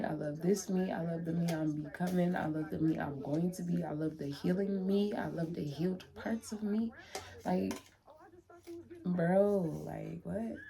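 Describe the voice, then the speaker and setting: A young woman shares heartfelt, chatty thoughts on camera from her bedroom, saying things more than once. Her voice is on the low side, gravelly and dark-toned.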